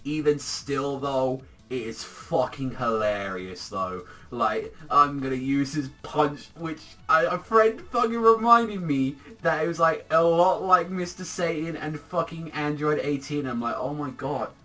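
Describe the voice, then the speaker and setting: A man giving a casual, rambling episode review, excitable and swearing constantly. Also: a little high, unhurried, hardly any pauses. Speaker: anime reviewer.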